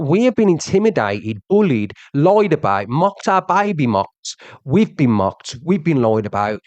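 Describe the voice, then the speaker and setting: A man's voice: on the high side, sing-song, normal speed, few pauses, darkish tone, dry recording, dull audio. Agitated man ranting. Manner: agitated, keeps asking "do you understand", repeats himself. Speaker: social media streamer. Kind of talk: heated rant to his audience.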